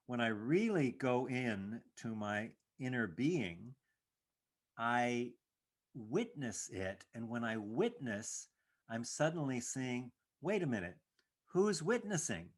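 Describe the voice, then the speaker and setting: A man, a meditation teacher hosting the talk, speaking in an animated and emphatic way and laughing now and then at his own remarks. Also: medium pitch. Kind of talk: reflective conversational talk.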